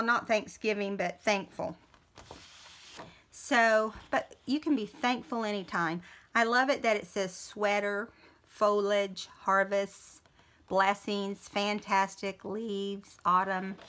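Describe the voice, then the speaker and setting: Slow, chatty woman crafting. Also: medium pitch, bright, forceful tone, a little hiss or hum. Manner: chatty, thinks aloud while working. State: keeps coughing and clearing throat. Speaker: crafting video host. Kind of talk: casual craft tutorial.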